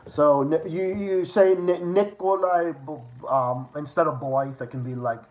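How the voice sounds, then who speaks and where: A young man hosting a casual livestream, excitable and rambling, swearing often with quick restarts. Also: fairly high pitch, muffled recording. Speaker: livestream host. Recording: echoey room, faint noise.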